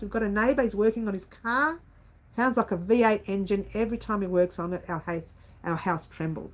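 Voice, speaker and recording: A woman hosting a casual livestream, chatting to her viewers by name in an animated way. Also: mid-range voice, low-quality recording. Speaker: livestream host.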